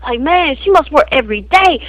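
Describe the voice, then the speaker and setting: A woman's voice: sits high, animated, moderate pace, fairly bright tone, dry recording, low-quality recording. A woman voicing a crude, boastful street guy in an improvised comedy spoof, who rambles in slang and tacks "man" and "fool" onto every phrase.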